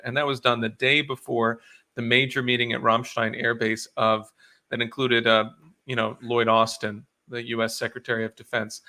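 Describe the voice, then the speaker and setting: A man answering interview questions with urgent conviction. His voice is bright and forward, and he rises in pitch and force when he presses a point. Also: level tone, moderate pace. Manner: earnest, urgent advocacy with frequent fillers. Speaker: guest.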